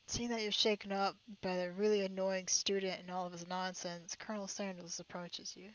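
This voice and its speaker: A woman's voice: medium pitch, level tone, normal speed, few pauses, highs cut off. A young woman streaming a game, reading it aloud and reacting with incredulous, laughing, sweary remarks.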